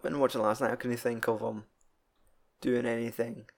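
A young man talks through a favorite film in relaxed podcast chat. He swears freely and laughs while retelling scenes. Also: medium pitch, moderate pace, vocal fry. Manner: sweary, laughing, quotes film lines in put-on voices.

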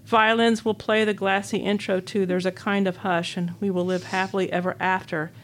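A woman's voice: mid-range voice, level tone, moderate pace, slight background noise. An older woman from Illinois, reading her own memoir essay aloud as a guest, in a wistful, wry storytelling manner. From Illinois, USA. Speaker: author and guest.

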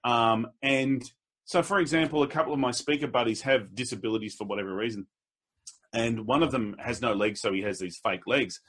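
A man, a public speaker, telling anecdotes in a relaxed conversation, with a husky voice. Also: a little fast. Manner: storytelling, slips into quoted voices with pitch jumps. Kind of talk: casual conversation.

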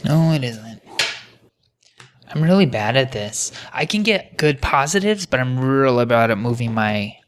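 A man's voice: mid-range voice, lively intonation, measured pace. A man co-hosting a casual podcast, playfully explaining a card game and reading out trivia questions while playing. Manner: playful, explains patiently, quizzes his partner. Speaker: podcast co-host.

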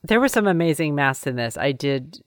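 A woman co-hosting a casual chat podcast, opinionated and chatty, with quick asides. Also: low voice, lively intonation, dry recording, clean studio sound. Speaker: podcast co-host.

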